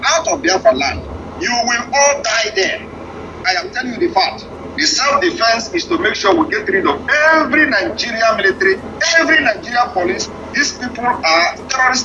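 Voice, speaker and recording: A defiant man speaks in a high, swinging voice and keeps throwing rhetorical questions at his opponents. The audio is played back with clear noise running under it. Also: dull audio. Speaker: political activist addressing opponents. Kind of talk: impassioned speech on a live audio space.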